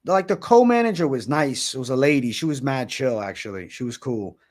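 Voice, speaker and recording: A man's voice: mid-range voice, expressive, a little fast, a little mellow. A man in his twenties hosting a casual livestream, hyped and profane, heavy on slang. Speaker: livestream host.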